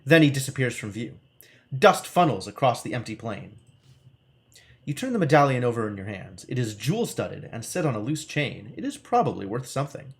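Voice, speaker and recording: A man's voice: medium pitch, big pitch swings, brisk, vocal fry. A man streaming live, reading a gamebook aloud with wry asides as he plays.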